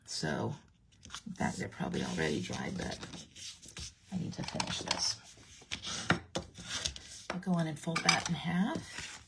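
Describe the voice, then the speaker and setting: A woman's voice: on the low side, creaky, noisy background. A woman giving a casual card-making tutorial, chatty and playful, speaking directly to her viewers as she works.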